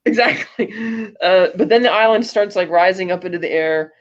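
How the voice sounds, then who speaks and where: A woman's voice: medium pitch, normal speed. Rambling woman podcast host, lo-fi sound. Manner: rambling storytelling with frequent fillers and laughs. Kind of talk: casual film recap chat. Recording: dull lo-fi podcast audio.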